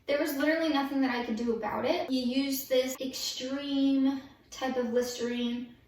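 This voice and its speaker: A woman's voice: high-pitched, normal speed, recorded from a distance. A woman vlogger telling her story casually and candidly while in pain after dental surgery. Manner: candid, chatty, expressive. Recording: echoey room, voice off-mic. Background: faint yard work noise outside.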